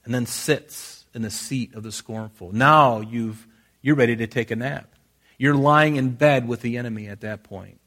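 A man's voice: mid-range voice, normal speed, a bit bright. A man preaching a sermon in a conversational way, often restarting his sentences and repeating phrases. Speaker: pastor.

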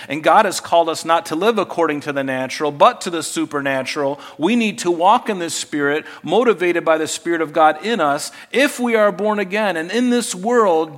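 Animated male pastor preaching. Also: fairly high pitch. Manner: animated, shifts between loud emphasis and soft asides. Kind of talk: sermon.

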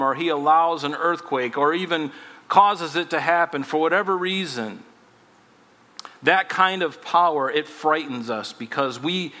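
Bright-voiced preacher in a reverberant hall. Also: male voice, a little high. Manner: conversational, reads scripture aloud. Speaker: pastor. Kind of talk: expository sermon.

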